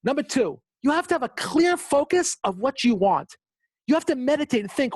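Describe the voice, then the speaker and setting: A man's voice: brisk, no echo. A man giving a motivational webinar talk, who acts out the quotes in his stories with big jumps in voice and repeats words for emphasis. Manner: animated storytelling, acting out quotes with big pitch jumps. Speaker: motivational speaker.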